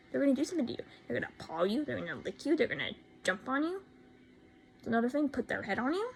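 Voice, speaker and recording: A woman's voice: high-pitched, big pitch swings, fast talker, vocal fry, a little hiss or hum, low-quality recording. A teenage girl telling a storytime rant, indignant and sarcastic, repeating herself for emphasis. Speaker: vlogger.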